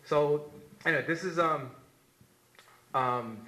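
A man's voice: on the high side, brisk, sharp tone, roomy sound, rough recording. A man giving an impassioned tribute at a community gathering, repeating himself and reading his own poem. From New York. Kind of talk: spoken memorial remarks and poetry reading.

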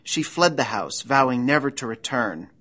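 A man reading scripted documentary narration about an eerie true case, with a measured, dramatic storytelling delivery. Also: mid-range voice, expressive, a bit bright.

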